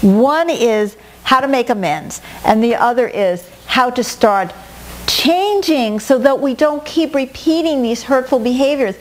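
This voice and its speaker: A middle-aged woman teaching a talk on personal growth, animated, often acting out quoted inner voices. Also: high-pitched, unhurried, a little hiss or hum. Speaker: workshop teacher.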